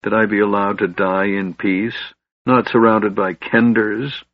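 A man doing Flint, a gruff grumpy old dwarf. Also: lowish voice, flat delivery, unhurried, dry recording. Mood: grumbling. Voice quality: gruff, irritable. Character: grumpy old seasick male dwarf, stubborn. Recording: slightly dull, dry recording.

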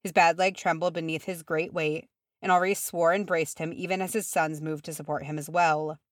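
Woman audiobook reader, low voice, even storytelling, dry close mic. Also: normal speed, no echo. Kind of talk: fan fiction narration.

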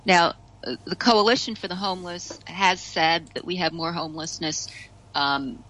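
A woman from the United States talks on a radio discussion show. Her voice is bright and fairly low-pitched. She chats loosely, with many restarts, and laughs often. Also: fairly even intonation, normal speed, rough recording. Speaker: radio guest commentator.

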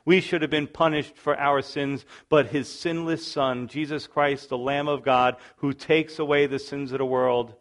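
A man preaching a sermon as pastor, moving between earnest prayer and conversational storytelling. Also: medium pitch.

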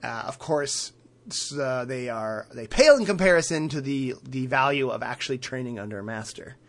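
A man co-hosting a podcast recaps a cartoon episode in casual chat, laughing often, using many fillers, and acting out quotes. His medium-pitched voice is expressive and a bit bright, at a moderate pace.

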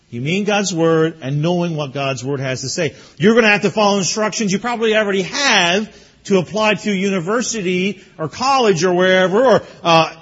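A man's voice: high voice, a bit bright, breathy edge, highs cut off. A man preaching as pastor to graduates, telling a story with chuckles and then urging them earnestly. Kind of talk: sermon to graduates.

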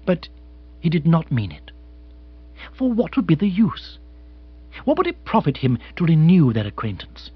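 A man narrating an audiobook in a dry, measured storytelling way. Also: fairly high pitch, wildly swooping pitch, slightly rough, no echo, dull audio. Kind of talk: audiobook reading.

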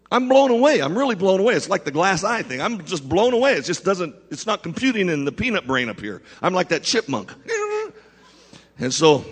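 A man preaching a sermon, telling a story to his congregation in an animated way with frequent restarts. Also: high-pitched, breathy edge. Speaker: pastor. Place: church. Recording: long hall reverb.

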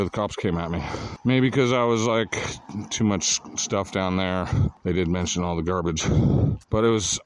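A homeless man telling rambling stories in a casual, profane monologue that often wanders and restarts. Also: low voice.

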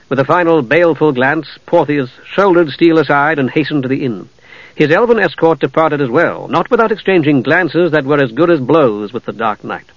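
A man narrating a fantasy audiobook in a measured, even storytelling voice. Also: a little high, no room sound. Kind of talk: scripted narration. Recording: dull lo-fi dry audio.

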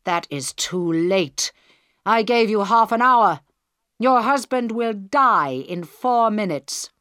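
A woman's voice: medium pitch, animated, slow pace, a bit bright, dry recording, studio quality, voice pushed up. A woman reading a cold, menacing male hijacker.

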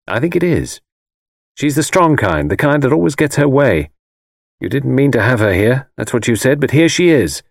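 A man's voice: mid-range voice, very animated, normal speed, creaky, no echo, voice pushed up. An intense, brooding architect, read by a man with an urgent, insistent edge and a voice that rises and falls a great deal. The delivery stays cryptic and pressing, set down in a dry, close recording.

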